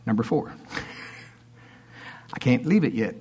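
A man preaching a sermon in church, emphatic and folksy, swinging between loud outbursts and quiet asides. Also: medium pitch, expressive, slow pace, slightly rough.

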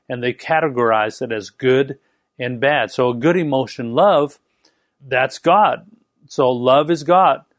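A man preaching a sermon, fast and emphatic, often repeating and restarting his words. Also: mid-range voice, dry recording, studio quality.

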